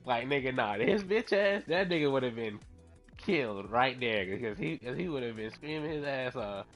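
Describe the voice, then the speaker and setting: A man streaming a fighting game, telling stories in a loud, profane, laughing way. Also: mid-range voice, normal speed, soft background music. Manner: profane, laughing, animated storytelling. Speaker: gaming streamer. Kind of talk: casual commentary while playing.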